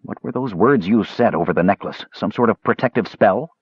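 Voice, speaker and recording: A man voicing a big, blunt male warrior who talks gruffly, heavily and tersely. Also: lowish voice, a little fast, dry recording, dull audio. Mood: uneasy. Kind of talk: audiobook character voice.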